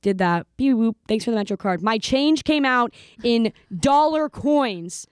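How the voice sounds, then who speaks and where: Animated young woman telling a story. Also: a little high, a little slow, smooth, no echo, studio quality. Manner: animated storyteller, jumps into silly voices and laughs. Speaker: podcast co-host. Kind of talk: casual chat, storytelling.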